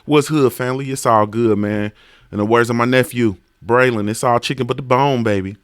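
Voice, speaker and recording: A man's voice: mid-range voice, a little fast, clean tone, no echo, studio quality. A man hosting a casual livestream, greeting viewers by name in a laid-back, slangy, sing-song way. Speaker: livestream host.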